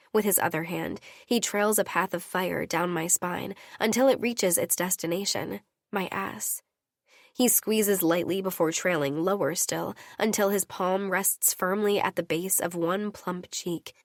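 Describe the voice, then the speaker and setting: A woman's voice: medium pitch, no echo, clean studio sound. Intimate female audiobook narrator. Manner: intimate first-person reading. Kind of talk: scripted romance narration.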